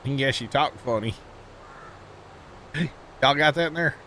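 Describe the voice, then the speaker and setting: A man's voice: medium pitch, a little slow, bright, forceful tone, a little hiss or hum. A man from Missouri with a St. Louis accent, chatting casually with stream viewers while playing a game, rambling and laughing easily. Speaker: livestream gamer.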